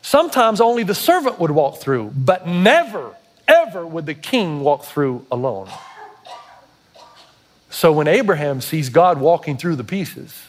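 A man's voice: fairly high pitch, sing-song, measured pace. A pastor preaching a sermon, emphatic and putting questions straight to his congregation.

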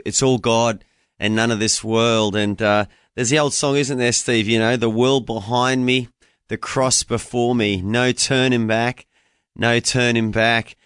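A man's voice: medium pitch, fairly even intonation, normal speed, a bit bright, clean tone, no room sound, studio quality. A man hosting a Christian morning TV show, introducing and questioning a guest in a friendly, conversational way. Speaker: host. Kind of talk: Christian TV interview.

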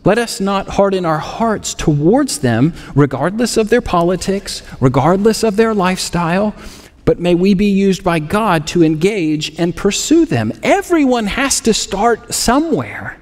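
High-voiced preaching man in a reverberant hall. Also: very animated, a little slow. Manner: earnest preaching with dry sarcasm. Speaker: pastor. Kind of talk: sermon.

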